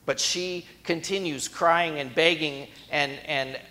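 A man's voice: fairly high pitch, lively intonation, a little slow, a bit bright. A man preaching a sermon in a conversational storytelling way that builds to emphatic moments.

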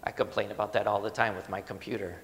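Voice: low voice, fairly even intonation, quick pace, in a large hall, slight background noise. A pastor preaching a sermon in a conversational, emphatic way, asking the congregation rhetorical questions.

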